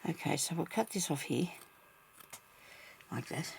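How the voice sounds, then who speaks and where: A woman's voice: deep voice, lively intonation, measured pace, gravelly, a little mellow, slight background noise. A woman vlogging as she crafts, chatting casually and thinking aloud, laughing often at herself.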